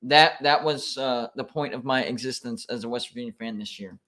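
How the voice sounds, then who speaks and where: A man streaming live reactions to college football games, excitable and quick to complain like an emotional fan. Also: medium pitch.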